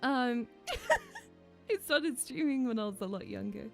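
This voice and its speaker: A woman's voice: high voice, wildly swooping pitch, slow, vocal fry, faint music behind. A young woman VTuber chatting casually with her viewers, giggly and emotional. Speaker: VTuber streamer. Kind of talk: casual chat with stream viewers.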